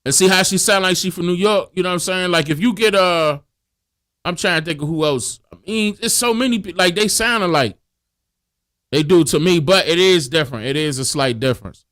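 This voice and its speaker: A man talking casually in heavy slang, explaining his views at length in a relaxed way. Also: high-pitched, fairly quick. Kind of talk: casual conversation.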